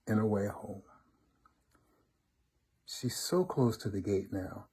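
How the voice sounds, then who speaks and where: A man reads a folk tale aloud in an expressive, rhythmic way. His voice is warm and mellow with a slightly husky texture. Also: mid-range voice, unhurried, long pauses. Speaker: storybook reader, fraternity member.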